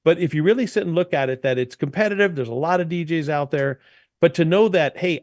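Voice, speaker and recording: In an echo-free studio recording, a man with a mid-range voice talks as an interview guest about running his DJ entertainment company and passes along business tips. He tells lively, emphatic stories and acts out what people said.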